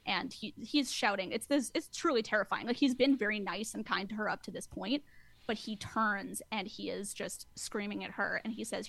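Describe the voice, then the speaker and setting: A woman hosting a casual recap chat, lively, acting out quotes and laughing often. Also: medium pitch, moderate pace, vocal fry, no echo. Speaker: podcast host recapping a show.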